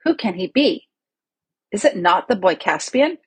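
A woman's voice: mid-range voice, big pitch swings, a little slow, breathy edge, no echo, exaggerated voice. A woman reading the part of a resentful, scheming male lord with a sly, grumbling manner.

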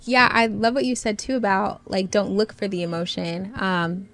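A woman co-hosting a faith podcast, talking in an earnest, reflective way with many pauses. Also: mid-range voice, fairly even intonation, a bit bright. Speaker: podcast co-host. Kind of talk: casual chat about prayer.

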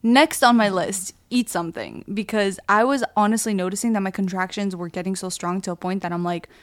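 A woman's voice: medium pitch, fairly quick, no room sound, studio quality. A young woman vlogger and new mother, telling a story in casual chat, laughing often. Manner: chatty, laughs often, many "like"s.

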